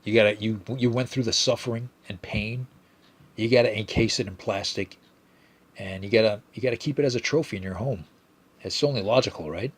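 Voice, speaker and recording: A man's voice: lowish voice, a little fast, husky. A man hosting a solo podcast, reading out listener messages in a rambling, profane, casual way with frequent stammered restarts. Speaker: podcast host.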